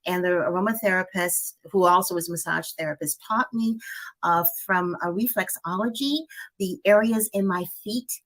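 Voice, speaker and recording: A woman's voice: fairly low pitch, moderate pace, fairly bright tone. Upbeat chatty middle-aged woman. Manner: upbeat, chatty, laughs often. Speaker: wellness coach guest. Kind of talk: casual live-stream chat.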